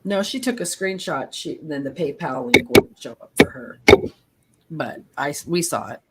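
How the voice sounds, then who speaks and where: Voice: mid-range voice, animated, normal speed, heavy background noise. A live stream co-host in casual chat, easygoing, relaying viewer comments.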